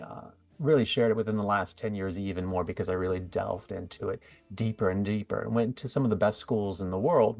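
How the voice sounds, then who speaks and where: A man's voice: lowish voice, a little mellow, dry recording. A middle-aged American man, a guest on an interview show, talking casually and rambling with fillers and restarts. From USA. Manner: chatty, rambling with fillers and self-corrections. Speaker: guest, psychic medium.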